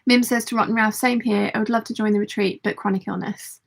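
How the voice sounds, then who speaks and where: A woman hosting a casual sewing livestream, chatty and reading viewer comments aloud, her voice slightly croaky. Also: medium pitch, fairly even intonation, fast talker. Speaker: sewing channel host.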